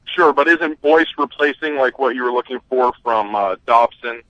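A man's voice: mid-range voice, moderate pace, sharp tone, dry recording. A man calling in to a sports radio show, eager and chatty as he asks about his team. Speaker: caller. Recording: dull phone line.

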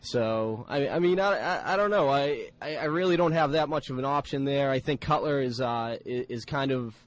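A man's voice: mid-range voice, normal speed, no echo. A man with a Boston accent, a guest in a radio studio, chatting casually and often repeating words as he starts sentences. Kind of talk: casual chat.

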